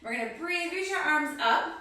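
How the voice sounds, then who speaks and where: This kids yoga instructor leads a guided class for children, calling out each pose and breath with encouragement. Her voice is high, animated and bright, with a pushed quality and a moderate pace. She's heard from afar in an echoey space, and there's slight background noise.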